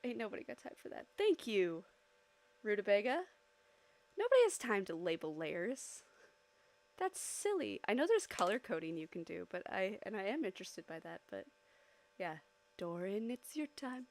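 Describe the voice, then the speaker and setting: A woman streaming live while she draws, chatting casually with her audience, giggling often and bursting into loud, excited squeals. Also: medium pitch, moderate pace, no room sound.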